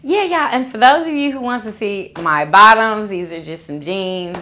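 A woman's voice: medium pitch, lively intonation, normal speed, pushed and bright. A young woman hosting a food vlog, chatting casually to viewers and calling them girl and y'all. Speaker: mukbang host. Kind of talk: casual chat reading viewer comments.

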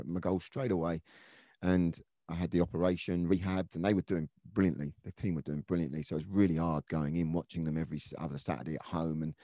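Deep-voiced reflective man, mellow tone. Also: no echo, studio quality. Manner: earnest, reflective, many restarts and fillers. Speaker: former footballer, podcast guest. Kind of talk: conversational storytelling interview.

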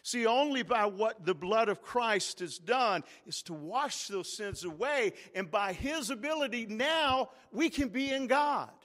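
High-voiced man preaching in a reverberant sanctuary. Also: expressive, unhurried, few pauses, fairly bright tone. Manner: preaching with call-and-response, rising to emphatic peaks. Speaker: pastor. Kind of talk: sermon. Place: large church sanctuary.

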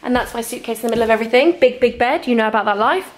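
A young woman telling a story in an animated, chatty vlog, acting out each side of the conversation from her hotel room. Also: on the high side, very fast, roomy sound. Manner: animated, acts out both sides of conversations. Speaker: vlogger.

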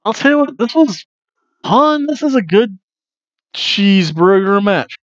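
A chatty man with a fairly high voice, casually reviewing matches as host. His talk is jokey and loose, with frequent ums. The recording is dry and slightly dull. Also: big pitch swings, measured pace, no room sound. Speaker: wrestling review podcast host.

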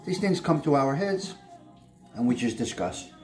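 A man's voice: medium pitch, sing-song, moderate pace, darkish tone, soft background music. A man hosting a casual morning coffee vlog, chatty and rambling with fillers. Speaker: host of a morning coffee show.

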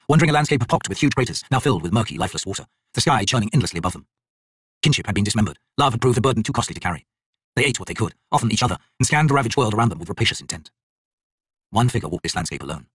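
A man reading an audiobook prologue aloud in a grave, measured storytelling manner. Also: mid-range voice, husky, no room sound. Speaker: audiobook narrator. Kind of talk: scripted narration.

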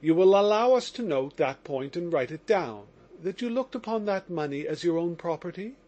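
A man voicing a calm investigating lawyer who questions formally, in audiobook narration. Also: high-pitched, normal speed. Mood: probing.

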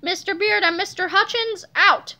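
Storybook: woman reading as a fuming principal, shouting, high and sharp. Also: normal speed, exaggerated voice. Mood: furious. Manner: shouting, snarling. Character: angry grumpy male school principal.

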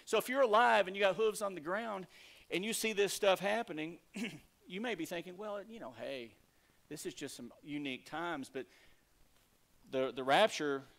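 A man, the lead pastor, preaching a sermon with emphatic rises and soft asides. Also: on the high side. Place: church sanctuary.

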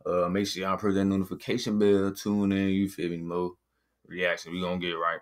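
Deep-voiced man chatting casually. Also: flat delivery, fairly quick. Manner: loose slangy chatter, keeps asking "you feel me". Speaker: reaction channel host. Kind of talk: casual reaction commentary. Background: music playing.

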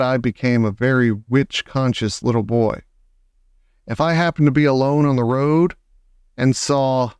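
A man narrating a children's novel aloud in measured, dramatic storytelling. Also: medium pitch, clear, resonant tone, no echo, studio quality. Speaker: audiobook reader. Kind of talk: scripted narration.

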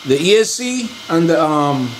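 A man's voice: fairly high pitch, very animated, measured pace. A man hosting a casual RC hobby vlog, rambling in an exasperated way and pleading with viewers for help. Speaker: RC hobby channel host. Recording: noisy ambient background.

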